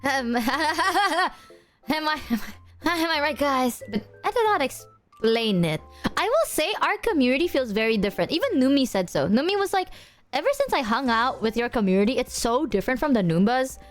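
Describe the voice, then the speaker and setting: A woman's voice: sits high, big pitch swings, normal speed, soft background music. A young woman streaming and chatting casually with her viewers, bubbly, laughing often and swearing freely.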